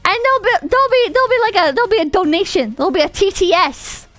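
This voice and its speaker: A young woman streamer with an extremely high, slightly bright voice chats quickly and animatedly over soft background music. In this casual livestream she rambles, swears, rants, and thanks donors.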